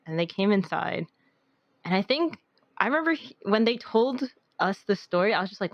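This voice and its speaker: A woman's voice: medium pitch, lively intonation, fairly quick, no room sound, dull audio. A young woman co-hosting a podcast, telling a story in a rambling casual way with lots of "like". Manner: rambling storytelling, heavy use of "like". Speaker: podcast co-host. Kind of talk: casual chat.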